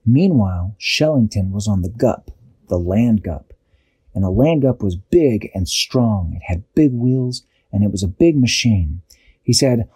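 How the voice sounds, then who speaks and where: A man improvising a bedtime story, animated and acting out characters, with occasional restarts. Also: on the low side, measured pace, husky, no echo.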